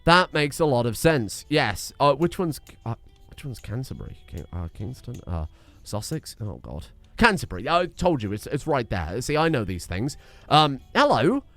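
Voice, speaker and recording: Man, let's-play commentary, rambling wry asides, animated pitch, soft music behind. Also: moderate pace, dry recording. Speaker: video game streamer.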